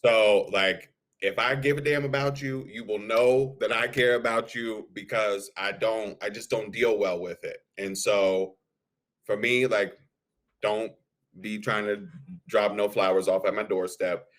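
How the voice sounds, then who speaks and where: A man's voice: on the low side, steady tone, unhurried, a bit bright. A man co-hosting a podcast in casual chat, speaking frankly and bluntly with a few laughs. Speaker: podcast co-host.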